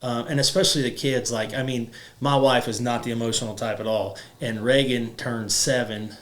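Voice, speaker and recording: A man's voice: mid-range voice, fairly even intonation, normal speed, a bit bright. A man in his thirties hosting a podcast, talking casually and rambling with lots of "like" fillers. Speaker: podcast host. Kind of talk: casual chat.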